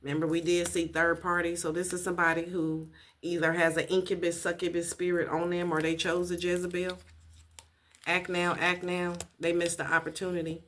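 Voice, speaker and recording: A woman's voice: fairly low pitch, little pitch movement, brisk, a bit bright, slight background noise. A woman giving a casual tarot reading, blunt and profane, repeating her points for emphasis. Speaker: tarot reader.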